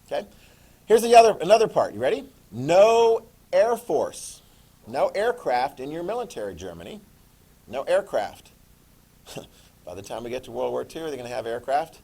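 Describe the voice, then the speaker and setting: A middle-aged man giving a classroom history lecture in a jokey, animated way, acting out quick voices. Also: on the high side. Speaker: history teacher.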